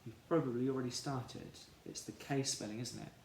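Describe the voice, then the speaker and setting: A man teaching a children's phonics lesson, slowly sounding out letters and syllables in an encouraging way. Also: mid-range voice, steady tone, gravelly, darkish tone. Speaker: primary school teacher. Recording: echoey room, faint background noise.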